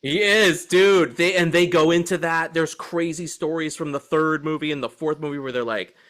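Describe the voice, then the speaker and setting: A man co-hosting a film podcast, telling a story in a lively, profane, fast-bursting way. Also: fairly high pitch. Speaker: podcast co-host. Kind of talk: casual film podcast chat.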